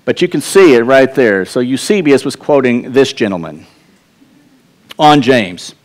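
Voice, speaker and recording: Speaking in a mid-range voice with lively intonation, a Texas-accented pastor delivers an unhurried, earnest church sermon. He keeps it conversational, frequently restarting phrases and addressing the congregation directly.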